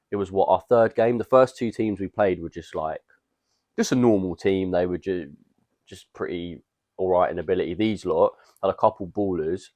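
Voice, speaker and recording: Young male podcast co-host, low voice, dry close sound, rambling casual storyteller. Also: dry recording. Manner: rambling, animated, slangy storytelling.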